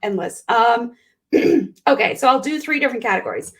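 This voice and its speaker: A woman guest on an interview show, a performance coach telling heartfelt stories in an animated way and often clearing her throat. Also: a little high, fairly quick. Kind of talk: conversational interview.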